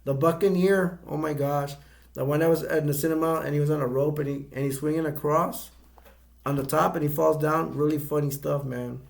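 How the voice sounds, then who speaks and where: A middle-aged man giving a casual, rambling movie review, halting often and restarting his sentences. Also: a little high, steady tone, gravelly.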